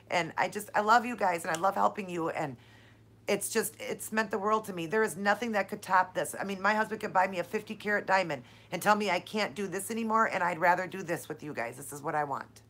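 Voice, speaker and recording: A woman with a mid-range, slightly bright voice speaks at a normal speed while hosting a live-stream Q&A for her channel. Addressing viewers directly as "you guys" and "honey," she answers their questions in an effusive, encouraging, heartfelt way.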